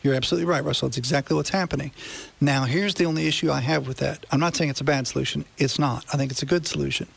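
Gravelly husky guy on a radio money show, chatty, explains stuff. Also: medium pitch, fairly even intonation, very fast. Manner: explanatory, conversational, checks listener understanding. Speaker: radio finance show host. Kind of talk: casual radio talk.

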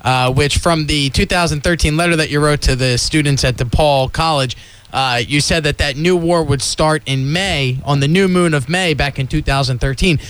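A man's voice: fairly high pitch, normal speed, a bit bright, clean tone. A man co-hosting talk radio, asking a methodical question full of details. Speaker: radio co-host. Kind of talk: interview question.

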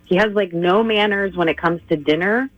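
A woman's voice: lowish voice, normal speed, dry recording. A woman on a phone call to a radio show, talking bluntly and with scorn. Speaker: caller. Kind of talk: casual chat. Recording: phone line.

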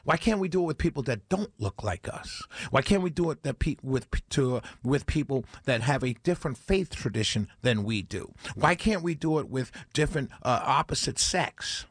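A man's voice: medium pitch, lively intonation, moderate pace, few pauses, husky, dry recording. A man hosting a talk radio show, preaching in a monologue full of rhetorical questions and repeated phrases. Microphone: studio microphone.

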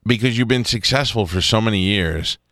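A man's voice: lowish voice, brisk, a bit bright, no room sound, studio quality. A man hosting a radio show, teasing his guest in a rambling way with many restarts. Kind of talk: casual radio interview. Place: radio studio. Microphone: studio microphone.

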